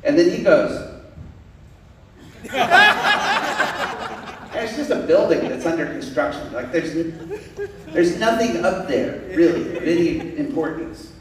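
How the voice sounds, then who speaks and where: A man recounts a street photography anecdote with animated energy and laughter. His voice sits somewhat high, and he is heard from some distance in a very echoey room with faint ambient noise. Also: normal speed, over a noisy crowd. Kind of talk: storytelling to an audience. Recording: very echoey room, far from mic.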